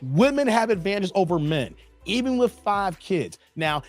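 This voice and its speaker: A man's voice: high-pitched, very animated, moderate pace, soft background music. Chatty male livestream commentary host. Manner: chatty, reads chat aloud, repeats phrases. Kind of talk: livestream commentary reacting to clips.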